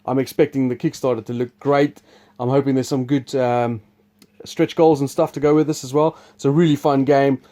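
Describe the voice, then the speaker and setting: Mellow-voiced man hosting a board game chat. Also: medium pitch, level tone, normal speed. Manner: rambling, chuckling, restarts sentences. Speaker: host presenting a board game preview.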